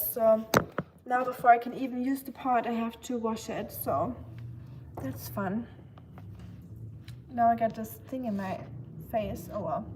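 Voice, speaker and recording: A German woman with a German accent and a voice on the high side chats casually with livestream viewers while doing chores, against a noisy background. She's chatty and self-deprecating, reading the chat aloud.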